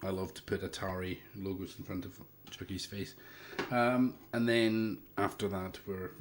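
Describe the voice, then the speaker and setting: Rambling Scottish man with a lowish voice. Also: little pitch movement, moderate pace, background noise. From Isle of Lewis, Scotland. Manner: rambling and hesitant, many fillers and restarts. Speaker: livestream host, hobbyist hardware maker. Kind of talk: casual livestream chat answering viewer questions.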